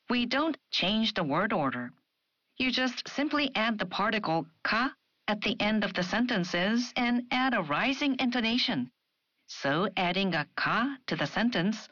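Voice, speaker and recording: A woman presenting a scripted language lesson, speaking example phrases clearly and carefully. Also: mid-range voice, animated, unhurried, fairly bright tone, dry recording, highs cut off. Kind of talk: scripted educational narration.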